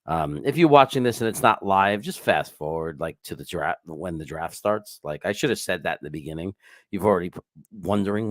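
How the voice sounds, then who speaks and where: A man's voice: low-pitched, lively intonation, fairly quick, fairly bright tone, dry recording, studio quality. A man hosting a live stream, chatting casually and rambling as he greets viewers by name and swears now and then. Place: home setup with screens.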